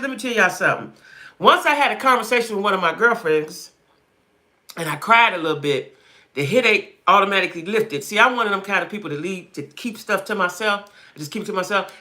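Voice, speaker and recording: A woman chatting on a live stream with a bright, forceful edge to her voice. Her pitch swings widely as she talks. She hammers points home by repeating them and breaks off to answer viewers' comments. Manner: emphatic, repeats herself, reads comments aloud. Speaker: livestream host.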